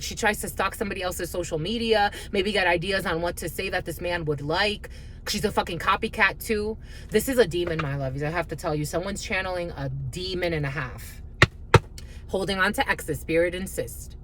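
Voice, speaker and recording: A woman's voice: on the high side, a bit bright, a little hiss or hum. A woman giving a spiritual card reading in a blunt, profane, heated rant. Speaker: tarot reader.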